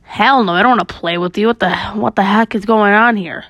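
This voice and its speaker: A woman's voice: medium pitch, fairly quick, a bit bright, dry recording, natural voice. A woman doing a blunt hulking drifter. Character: homicidal drifter, hulking man.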